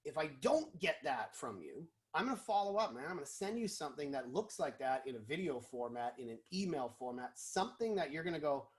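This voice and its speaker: Animated man, fairly high voice. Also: normal speed. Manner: animated, acts out phone calls. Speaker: sales expert guest. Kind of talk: casual interview chat.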